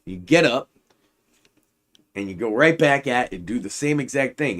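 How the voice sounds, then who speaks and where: A man's voice: medium pitch, animated, moderate pace, long pauses, fairly bright tone. Crude rambling male stream co-host. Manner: crude, escalating storytelling. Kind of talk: rambling comic monologue on a live stream.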